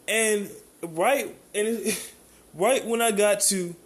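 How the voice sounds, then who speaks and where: An American man delivers a heated, rambling rant in a somewhat high voice. His talk is full of profanity and restarts. He keeps checking in with the listener. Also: slow. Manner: keeps asking "you know what I'm saying". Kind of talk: ranting monologue.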